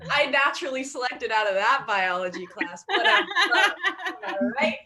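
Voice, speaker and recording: A woman's voice: fairly high pitch, moderate pace. A young woman doing a stand-up comedy set, bubbly and giggly, laughing through her lines. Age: young adult. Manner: bubbly, giggly, animated delivery.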